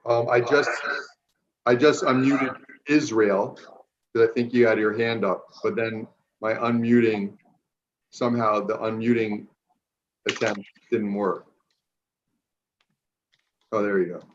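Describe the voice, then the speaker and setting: A man's voice: lowish voice, steady tone, slow pace, pauses often, background noise. A man hosting an online gathering, talking casually with many fillers and restarts. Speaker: program host. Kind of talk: casual Zoom introductions. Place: New York City. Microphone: video call. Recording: dull lo-fi video call audio.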